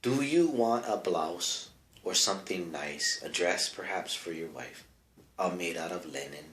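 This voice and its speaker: A man putting on a deep pushy trader. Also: lively intonation, measured pace, fairly bright tone, reverberant, slight background noise. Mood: salesy. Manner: pushy sales pitch. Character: smooth-talking European trader man, eager salesman.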